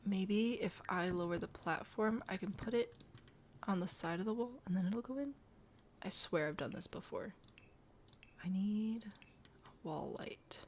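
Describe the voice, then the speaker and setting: A woman's voice: medium pitch, measured pace, long pauses, a little hiss or hum. Brief: young woman from the Midwest, game streamer, chatty and self-mocking, talks to herself while she builds, keys typing behind. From American Midwest.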